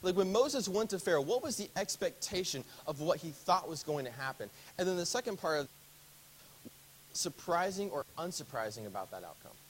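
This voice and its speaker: A man leading a casual Bible study, talking through the text with his class and stopping often to ask them questions. His voice sits a little higher than most men's and swings up and down with lively emphasis. A faint hiss runs under the recording. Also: moderate pace, low-quality recording. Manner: conversational, asks the class questions.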